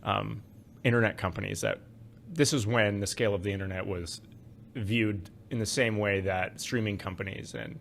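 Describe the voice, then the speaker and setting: A man co-hosting a finance podcast, talking in casual chat, wry and animated as he explains with frequent fillers. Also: fairly low pitch, normal speed, creaky, a little hiss or hum. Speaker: podcast co-host, investment adviser.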